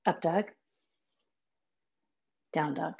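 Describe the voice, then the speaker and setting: A woman leads a yoga flow at an unhurried pace, calling out brief, calm cues as she moves through the poses herself, now and then dropping to a near whisper. Her voice sits slightly low, and the sound is dull and lo-fi. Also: creaky. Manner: calm, sparse one-word cues, some soft whispered counts. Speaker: yoga teacher. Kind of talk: guided yoga class cues.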